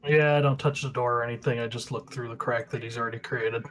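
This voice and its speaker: A man's voice: medium pitch, steady tone, fast talker, fairly bright tone, slight background noise. A man playing a tabletop game, plainly stating what his character does. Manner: matter-of-fact, stating his actions plainly. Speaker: player. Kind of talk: casual tabletop chat.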